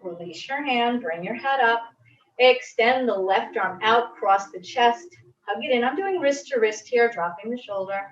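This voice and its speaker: A woman fitness instructor calmly guiding a stretching class with gentle, reassuring cues. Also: a little high, normal speed. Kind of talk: guided exercise instruction. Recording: roomy, distant, dull audio.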